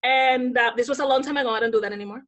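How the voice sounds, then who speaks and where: A young woman from the Dominican Republic with a high voice tells her stories in a casual podcast interview. She is animated and slips into the voices of the people she quotes. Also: rapid-fire. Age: young adult. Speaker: podcast guest.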